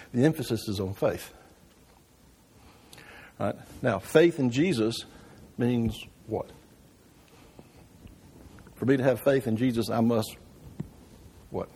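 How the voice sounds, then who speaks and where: A man's voice: lowish voice, warm tone, slight background noise. A man teaching an informal church Bible class, often asking the room questions and checking in with "right?". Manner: conversational, asks the class questions with frequent "right?".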